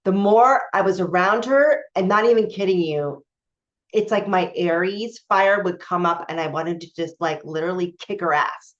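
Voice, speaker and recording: A woman with a voice on the low side speaks at normal speed in a dull, lo-fi recording. She's a spiritual coach telling a personal story to camera, candid and emphatic, with many fillers and restarts.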